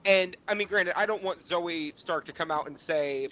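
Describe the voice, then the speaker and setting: A man's voice: a little high, normal speed, sharp tone, dull audio. A man co-hosting a podcast in casual chat, building his argument step by step with examples. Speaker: podcast co-host.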